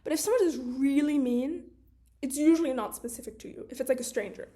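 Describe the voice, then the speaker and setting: A woman's voice: high-pitched, quick pace, dark tone. A young woman talking frankly to camera in a casual monologue, swearing freely and filling her talk with "like". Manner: candid, swears freely, chatty with many "like" fillers. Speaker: video creator.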